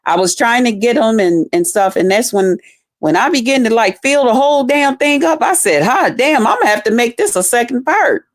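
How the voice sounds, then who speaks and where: A woman's voice: fairly high pitch, animated, moderate pace. A middle-aged woman, telling a heated, profane story on her stream and acting out other people's voices. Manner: profane, blunt, acts out quoted voices. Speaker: streamer responding to a rival.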